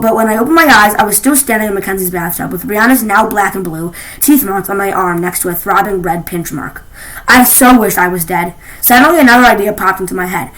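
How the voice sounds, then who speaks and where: A woman reading a children's novel aloud, expressive, with frequent restarts. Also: medium pitch, rough recording. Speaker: reader.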